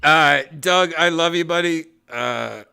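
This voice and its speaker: A man hosting a podcast in a casual chat, giggling constantly and bursting into excited shouts. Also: a little high, slow pace, gravelly, smooth. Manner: giggly, laughs constantly between lines. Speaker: podcast host.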